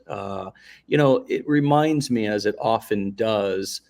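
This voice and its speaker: A man's voice: lowish voice, fairly even intonation, slow, creaky, darkish tone. A man hosting a live interview show, talking effusively and rambling through long questions. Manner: effusive, rambling, many restarts and fillers. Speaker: host.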